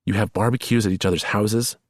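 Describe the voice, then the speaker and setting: A man's voice: fairly low pitch, fairly even intonation, no room sound, clean studio sound, pitched above the performer's own voice, lightly acted. A man reading a thriller audiobook, voicing an earnest, eager young woman who is a police rookie. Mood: wistful. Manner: eager, pleading, fast-rising emotion.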